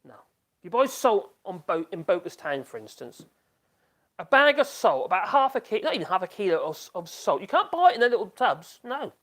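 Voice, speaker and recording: A man's voice: high-pitched, big pitch swings, brisk, fairly bright tone. A middle-aged man, chatting casually on a live stream in a rambling way, trailing off and restarting his sentences.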